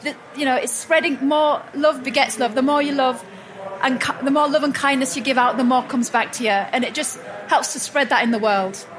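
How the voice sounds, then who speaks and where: This high-pitched woman speaks a little fast as she delivers a motivational talk at a personal growth expo, addressing a live crowd in an event hall. Her storytelling is warm and talkative, full of restarts and self-corrections.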